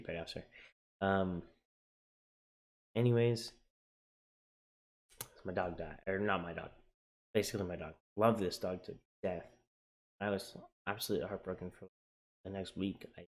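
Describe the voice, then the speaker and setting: Candid young man with a low voice. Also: unhurried, pauses often. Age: young adult. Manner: candid and emotional, swinging from quiet to excited; frequent fillers and restarts, casual swearing. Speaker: navy sailor sharing his journey. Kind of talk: personal vlog storytelling.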